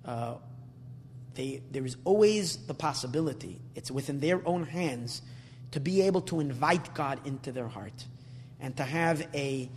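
A man's voice: mid-range voice, expressive, unhurried. A man giving a Torah class, earnest and searching for words, often repeating himself and mixing in Hebrew terms. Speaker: rabbi teaching Torah. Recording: long reverb, faint hum.

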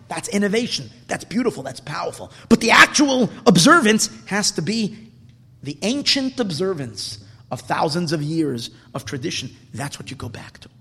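A man teaching a Torah class as a sermon, swinging from loud emphatic bursts to hushed near-whispers. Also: high-pitched, very animated, normal speed, slightly rough, in a large hall.

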